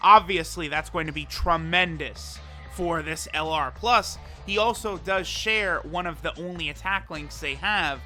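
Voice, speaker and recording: A young man talks through a mobile game in a loose, chatty way, peppering his lines with "right?" and "you know." His voice sits high and sounds bright and forward. Faint game music plays underneath. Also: a little slow. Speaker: gaming YouTuber. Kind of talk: casual gameplay commentary.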